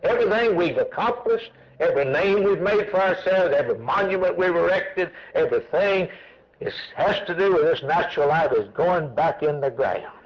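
Lively preaching man on lo-fi radio. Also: on the high side, moderate pace. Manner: emphatic, repetitive preaching cadence; asks and answers his own questions. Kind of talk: sermon.

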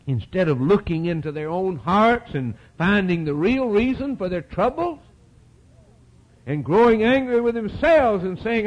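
A man preaching an impassioned sermon, with a folksy, repetitive cadence, surging to loud peaks and dropping to low, quiet asides. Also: expressive, a little slow.

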